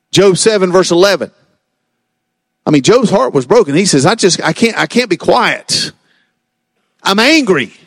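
A man preaches a sermon as a pastor. He drags some lines out slowly and rushes through others. The sound is dry and close. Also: dry recording. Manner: preaching with dramatic swings in pitch and pace.

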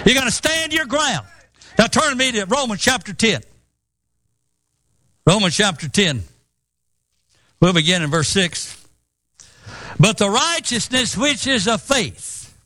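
High-voiced, bright preaching man. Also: normal speed, no room sound. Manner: emphatic preaching, quotes scripture, rising intensity. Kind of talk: sermon.

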